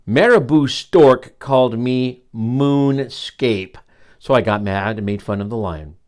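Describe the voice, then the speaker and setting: An embarrassed bald vulture from a storybook, voiced by an older man reading aloud. He speaks slowly. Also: mid-range voice, a little mellow, clear, resonant tone, natural voice.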